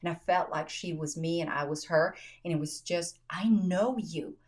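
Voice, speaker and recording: A woman's voice: low voice, little pitch movement, normal speed. A woman hosting a podcast, telling a personal story in casual conversation, acting out quotes and laughing often. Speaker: podcast host.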